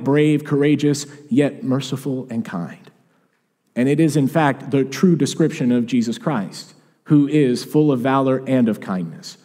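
A man's voice: medium pitch, warm tone, in a large hall. A man preaching an earnest, reflective sermon as pastor, with small restarts as he thinks aloud. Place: church sanctuary.

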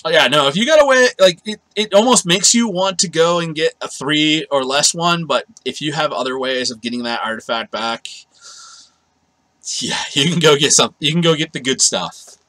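A man's voice: a little high, moderate pace, pushed and bright, dry recording, rough recording. A man giving a casual, rambling card game review, often correcting himself and laughing.

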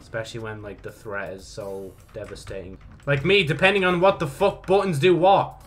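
A man's voice: mid-range voice, fairly even intonation, moderate pace, faint music behind. A young man giving casual, swearing gameplay commentary, mocking himself and breaking into frustrated outbursts. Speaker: gaming YouTuber.

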